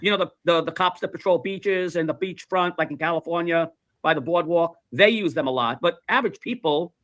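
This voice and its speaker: Male streamer, high-pitched and bright, swearing and telling stories in a dry, close sound. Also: brisk, no echo. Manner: animated, profane storyteller who repeats himself. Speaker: livestream host. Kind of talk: casual chat.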